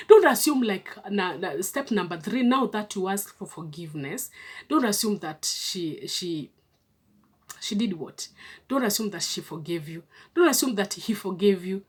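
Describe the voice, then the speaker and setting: A woman's voice: medium pitch, breathy edge. A woman giving earnest relationship advice to viewers, coaxing them along and often checking in with a questioning "hmm?".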